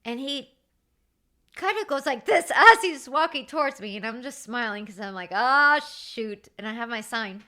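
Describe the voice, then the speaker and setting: Chatty woman host, crisp bright voice, rambles through stories with lots of likes and ums. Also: a little high, moderate pace. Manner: animated, chatty, with many fillers. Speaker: podcast host. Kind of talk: casual storytelling.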